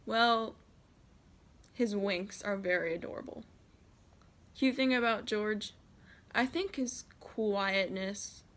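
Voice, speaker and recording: A woman's voice: mid-range voice, slow, pauses often, a bit bright. Casual teen vlogger, American girl, reads out questions and answers them. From United States. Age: teens. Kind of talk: casual Q&A tag video.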